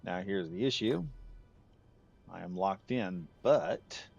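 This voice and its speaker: A man's voice: low-pitched, animated, slow, creaky, slightly rough, muffled recording, faint music behind. A man from the United States giving rambling, chatty commentary while streaming a game, laughing easily. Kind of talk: casual gameplay commentary.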